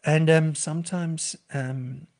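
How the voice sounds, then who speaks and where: A middle-aged man, a clinical psychologist speaking on a podcast in an earnest, gentle and reassuring way. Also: fairly high pitch, fairly even intonation, slow. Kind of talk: podcast talk giving advice.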